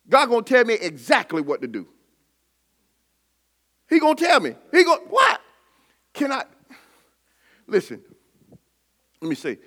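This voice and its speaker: Preacher guy, middle-aged, high bright voice, call and response, gets shouty. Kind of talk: sermon with personal testimony.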